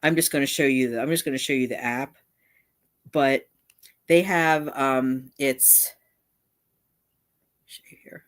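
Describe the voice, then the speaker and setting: A woman's voice: very deep voice, unhurried, long pauses. A woman hosting a casual live stream, chatting in a meandering way and often breaking off to circle back mid-thought. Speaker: channel host.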